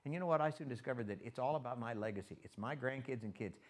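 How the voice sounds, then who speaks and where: An older man preaches quickly in a mid-range voice, delivering a casual sermon as pastor. Folksy and lively, he tells stories from his life, acting out the conversations and quoting the people in them.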